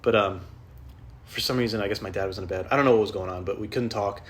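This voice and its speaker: Low-ish voiced guy rambling on his podcast, swears a lot, keeps losing his train of thought. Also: fast talker. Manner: rambling, swears often, restarts sentences. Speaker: podcast host. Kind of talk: casual solo rant.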